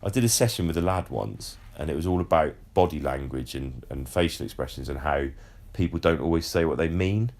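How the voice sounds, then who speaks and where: Deep-voiced man, chatty podcast host. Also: animated, fairly quick, hardly any pauses, a little mellow. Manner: chatty, swearing, repeats words when explaining. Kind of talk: casual podcast chat.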